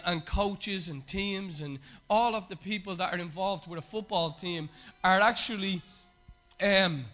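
Bright, high-voiced pastor preaching. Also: male voice. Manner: emphatic repetition, frequent fillers. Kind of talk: sermon.

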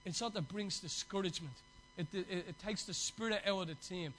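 A man's voice: high-pitched, a little fast, a bit bright, a little hiss or hum, poor audio. A man preaching a sermon to his church, passionate and exhorting, with chatty asides.

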